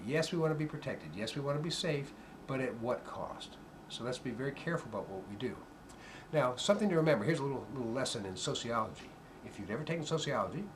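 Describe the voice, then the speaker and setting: Animated, emphatic man lecturing live. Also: medium pitch, a little hiss or hum. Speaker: performer and speaker. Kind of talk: live spoken commentary at a coffee house. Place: church coffee house, live audience.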